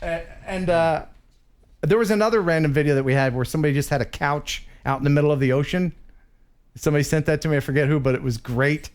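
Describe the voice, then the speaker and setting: A man's voice: a little high, fast. A man hosting a casual live stream who laughs often and reads viewer messages aloud. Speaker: host.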